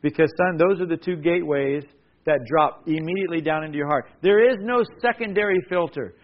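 A man's voice: a little high, fairly quick, lo-fi sound. A male pastor preaching a sermon, repeating key words and leading the congregation in call-and-response. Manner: emphatic, repetitive, call-and-response.

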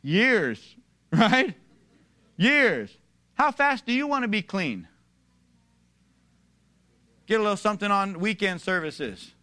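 A man's voice: high voice, very animated, slow pace, long pauses, bright, forceful tone. A man preaching a sermon, emphatic and building to raised declarations, addressing his congregation directly. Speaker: pastor.

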